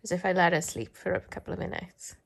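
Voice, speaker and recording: A woman's voice: fairly low pitch, fairly even intonation, quick pace, gravelly. A woman who shows dogs, chatting casually into her phone at home, rambling with lots of fillers. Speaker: dog show handler. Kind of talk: casual vlog chat. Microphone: phone held in hand.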